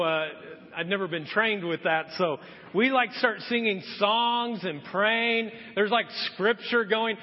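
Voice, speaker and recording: A man preaching a sermon, telling a story and acting out the voices of the people in it. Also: high-pitched. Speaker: pastor. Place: church hall. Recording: muffled sound with long hall reverb.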